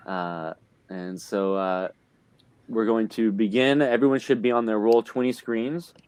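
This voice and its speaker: A man's voice: on the low side, fairly even intonation, measured pace, a little mellow, clean tone. A man narrating and recapping a tabletop horror game as game master, hesitant with many fillers and restarts, talking into a desk mic on an online call.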